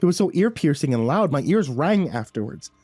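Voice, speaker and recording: A man's voice: a little high, very animated, fairly quick, dark tone, husky, no echo, soft background music. A man narrating a first-person horror story in a tense, breathless way, stumbling over words now and then.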